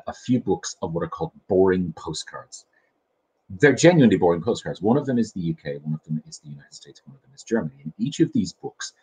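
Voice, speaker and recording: Brief: chatty Irish host, middle-aged, deep voice, lively delivery, recorded at home on a webcam. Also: male voice, breathy edge, poor audio. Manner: chatty, enthusiastic, self-deprecating. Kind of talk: casual chat show monologue. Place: home kitchen.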